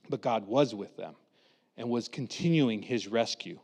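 A man preaching a lively storytelling sermon, acting out quotes in different voices. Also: lowish voice, a little slow, big-room sound. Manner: animated, acts out quotes with voices.

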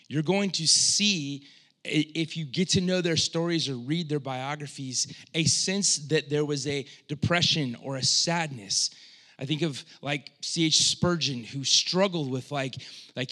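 A male pastor delivers a sermon in a bright, forward voice. He talks in a loose, conversational way, then drops to a hush before rising into fervent, loud appeals. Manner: swings from hushed, low delivery to loud impassioned cries; conversational, with frequent "like" and restarts.

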